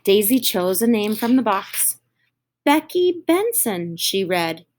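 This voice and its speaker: A woman reading a children's picture book aloud, slow and expressive, lifting her voice for the children's lines. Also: mid-range voice. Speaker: storyteller. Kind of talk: children's story read-aloud.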